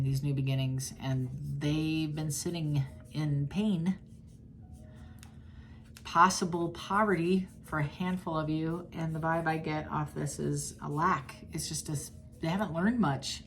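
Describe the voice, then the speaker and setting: A woman with a low, deep-set voice talks through a tarot reading in a loose, chatty way. She speaks straight to her viewers, blunt and candid, and often breaks off to restart a phrase. A faint hiss sits under her voice. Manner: chatty and blunt, with frequent restarts and sudden laughs. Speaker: tarot reader.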